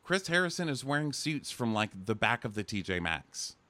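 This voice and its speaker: A man's voice: mid-range voice, big pitch swings, normal speed, bright, forceful tone, no room sound. A man co-hosting a podcast, casually recapping a reality show in a sarcastic, profane way. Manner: sarcastic, swears freely. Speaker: podcast co-host.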